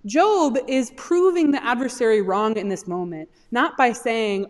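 A woman pastor giving a sermon, talking in an animated way and rising into impassioned pleas when she voices a suffering man. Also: on the high side, a little slow, hardly any pauses. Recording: long hall reverb.

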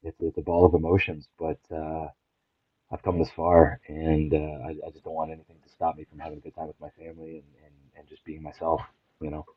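A middle-aged man, a podcast guest, talking candidly and earnestly, halting with many restarts. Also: extremely low pitch, completely flat delivery, husky, dry recording. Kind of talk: candid personal conversation. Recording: tinny phone-like line, dry.

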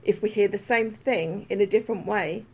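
A woman's voice: medium pitch, moderate pace, a little mellow, husky. A woman hosting a podcast over a video call, chatting casually in a meandering way with lots of fillers. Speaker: podcast host. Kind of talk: casual interview chat.

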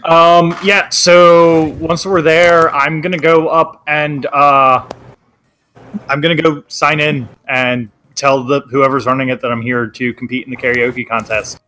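A man's voice: a little high, little pitch movement, unhurried, bright, forceful tone, slight background noise. A man playing in a tabletop game, casual and hesitant with trailing fillers. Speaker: player.

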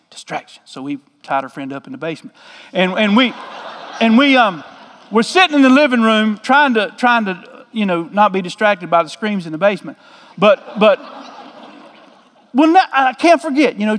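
Guy preaching, high voice, folksy jokey storyteller, big hall reverb. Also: animated, normal speed, fairly bright tone. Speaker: pastor. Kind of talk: storytelling sermon.

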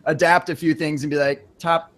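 A man with a fairly high voice hosts a relaxed sports chat. He rambles, stops and restarts, and leans on fillers as he goes. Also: brisk, over a noisy crowd.

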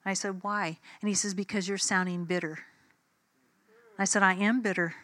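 A woman's voice: mid-range voice, fairly even intonation, normal speed, fairly bright tone, no echo. A woman preacher giving a sermon in a conversational, emphatic way, telling personal stories and acting out the dialogue.

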